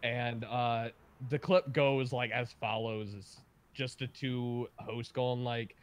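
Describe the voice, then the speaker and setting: A man's voice: mid-range voice, takes it slowly, smooth. A young adult man hosting a livestream, chatting casually and telling profane stories with a lot of energy. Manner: excitable, profane storyteller. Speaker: livestream host. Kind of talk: casual chat.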